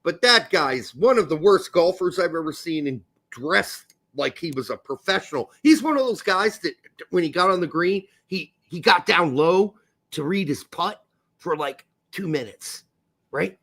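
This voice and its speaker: A man hosting a podcast, telling a story in a casual, animated and profane way. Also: normal speed. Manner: animated, profane, jumps into high voices. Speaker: podcast host.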